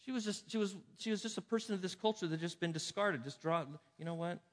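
A man preaching a sermon in a church, emphatic and dramatic, moving between loud urgent lines and hushed quiet ones. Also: sits high, fast talker. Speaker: pastor. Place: church sanctuary. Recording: reverberant hall sound.

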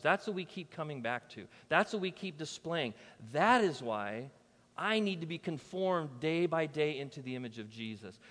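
Emphatic pastor, slightly high voice. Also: male voice, big-room sound. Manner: emphatic and conversational, swinging between loud and soft. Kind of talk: sermon. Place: church.

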